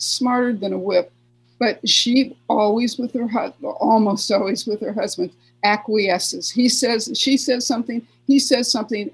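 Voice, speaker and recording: A woman therapist with a gravelly, husky voice of middling pitch speaks earnestly in an interview. She repeats key phrases and slips into little voiced examples of self-talk. Her tone is warm and practical. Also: rough recording. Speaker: therapist guest. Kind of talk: conversational advice interview.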